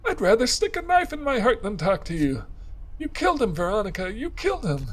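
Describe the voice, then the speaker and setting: Game figure: man voicing a grief-stricken young woman, shrill and accusing, high-pitched. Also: wildly swooping pitch, brisk, a bit bright, exaggerated voice. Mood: grief-stricken anger.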